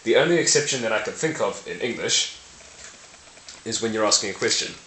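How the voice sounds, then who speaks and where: A man's voice: lowish voice, expressive, brisk, pushed and bright. A man explaining language ideas to camera in a casual, playful way, often correcting himself and laughing at his own slips. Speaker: language video host. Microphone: camera mic. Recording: roomy with faint hiss.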